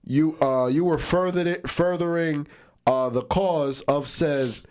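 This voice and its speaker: Halting man talking on a podcast. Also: clear, resonant tone. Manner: halting, many restarts, often drops low and quiet. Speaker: podcast co-host. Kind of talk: casual chat.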